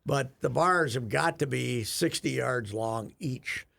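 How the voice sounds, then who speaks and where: An older man, a regular on a radio show, tells a rambling, chuckling story in casual chat, often restarting his sentences. His gravelly, husky voice is medium-pitched, slow, pushed and bright.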